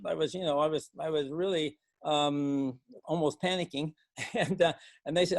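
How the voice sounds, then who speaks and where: An older man, a farmer from Montana, telling a halting, folksy story to a club meeting, with many restarts. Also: on the high side, dry recording. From Montana, USA. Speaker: guest speaker, organic farmer. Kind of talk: storytelling talk.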